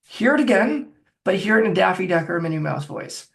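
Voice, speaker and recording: A man's voice: high-pitched, lively intonation, quick pace, gravelly, a bit bright. A man working as a phobia coach, talking the listener step by step through a guided self-help exercise. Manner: directive, coaching, talks viewer through steps.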